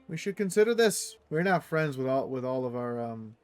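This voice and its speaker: A man streaming a strategy game, reading the event text aloud and reacting playfully, jumping into sudden high squeals. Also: animated, moderate pace, clear, resonant tone. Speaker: let's play streamer.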